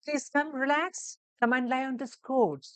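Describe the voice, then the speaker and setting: A woman voicing a gentle, reassuring nurse in an emergency ward, speaking in a slow sing-song way. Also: medium pitch, no room sound, voice pushed up, lightly acted. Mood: soothing. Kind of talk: role-play demonstration.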